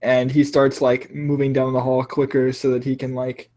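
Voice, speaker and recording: A man's voice: mid-range voice, monotone, normal speed, dark tone. A man narrating as game master in a casual, filler-heavy way, saying like a lot.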